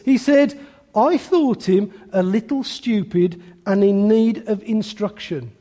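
A man's voice: very high voice, darkish tone, big-room sound. A man preaching a sermon, telling a story with chatty asides.

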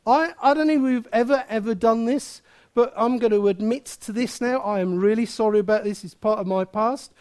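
A man preaching a sermon in a lively, joking way, with sudden loud outbursts. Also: extremely high pitch, normal speed, smooth.

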